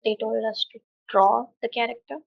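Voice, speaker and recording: A woman's voice: a little high, flat delivery, normal speed, vocal fry, dry recording, dull audio. A young woman from India, a guest telling her story in a casual chatty way, with many fillers and restarts. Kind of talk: casual interview.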